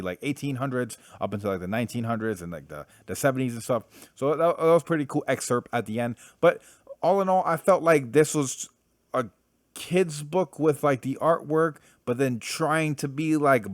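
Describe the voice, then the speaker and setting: A young man giving a casual spoken comic book review, blunt and animated, swearing freely and full of fillers. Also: medium pitch, no echo, clean studio sound.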